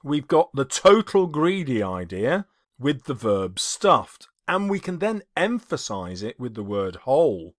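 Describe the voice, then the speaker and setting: A man's voice: medium pitch, unhurried, no echo. A male English teacher from England giving a video lesson on writing, his voice swooping up and down as he reads examples with dramatic flair. The sound is close and dry, with no room around it. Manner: lively, expressive, reads examples with dramatic emphasis.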